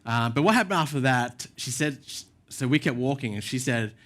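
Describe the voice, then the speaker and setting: Male pastor, mid-pitch, chatty sermon storyteller, pokes fun at himself. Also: expressive, fairly quick, fairly bright tone. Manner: casual storytelling with self-deprecating asides. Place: church.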